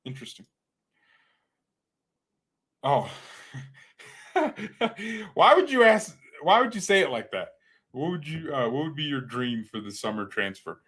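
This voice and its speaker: Excitable jokey man chatting to viewers. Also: mid-range voice, unhurried, long pauses, husky. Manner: jokey, rambling, slips into playful put-on accents; chatty and excitable, addresses viewers as guys and bro. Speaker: fan channel host. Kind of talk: casual live-stream chat.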